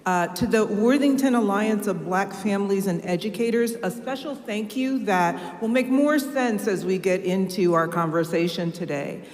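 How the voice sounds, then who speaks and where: A woman's voice: medium pitch, darkish tone. Woman speaking in an echoey church hall. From Ohio, US. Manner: measured, earnest public speaking. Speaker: keynote speaker. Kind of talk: formal speech. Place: large church sanctuary. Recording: echoey hall with long reverb.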